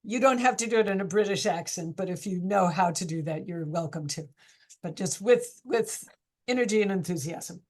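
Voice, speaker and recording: A woman's voice: on the low side, moderate pace, darkish tone. A woman teacher running a casual online class discussion, chatty and encouraging, asking students question after question.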